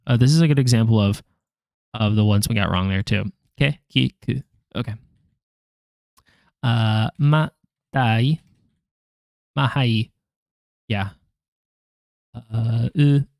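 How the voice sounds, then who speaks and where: A young man drilling flashcards for his language-learning vlog takes it slowly, pausing often as he mutters syllables one by one. His mid-range voice is creaky and a little mellow, and he chats to viewers with self-deprecating jokes about his mistakes. The audio is studio quality with no room sound.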